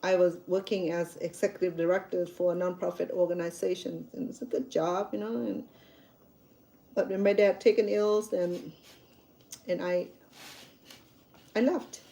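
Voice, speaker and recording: Mellow-voiced woman telling a story. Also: fairly low pitch, fairly even intonation, moderate pace, gravelly, long pauses, low-quality recording. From Cambodia. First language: Khmer. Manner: candid and chatty, with frequent restarts. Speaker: cooking channel host. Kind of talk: personal storytelling vlog.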